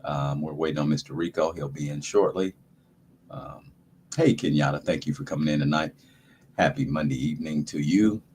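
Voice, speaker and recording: A man hosting a casual livestream, greeting viewers by name in a relaxed, repetitive way, with a dry throat. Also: a bass voice, normal speed, slight background noise. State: dry throat, sucking a lozenge. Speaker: livestream host.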